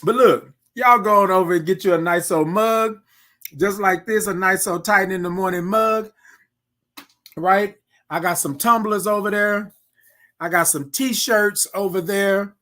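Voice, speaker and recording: A man's voice: high-pitched, steady tone, a little slow, sharp tone. A man from Houston hosting a casual morning livestream, chatting with viewers and reading their comments aloud. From Houston, Texas. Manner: chatty, tags lines with "right?" and "y'all", reads viewer comments aloud. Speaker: host. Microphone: desk microphone he can move aside.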